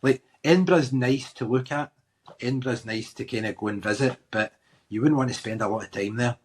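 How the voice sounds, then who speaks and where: A Glaswegian man with a slightly husky voice chats as a guest in a relaxed interview. He speaks bluntly, swears freely and often restarts his sentences. His pitch sits at an ordinary middle height. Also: brisk. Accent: Glaswegian Scottish. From Scotland. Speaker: guest comedian and tattoo artist. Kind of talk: casual interview chat.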